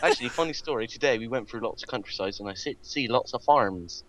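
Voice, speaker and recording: A man joking around on a casual podcast, quick-talking and giggly. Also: mid-range voice, no echo, poor audio. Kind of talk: casual chat.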